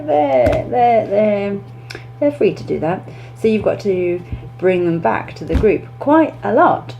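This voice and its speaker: A young woman, an English teacher, giving classroom tips in a chatty way, breaking into lively demonstrations. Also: fairly low pitch, slight background noise, rough recording.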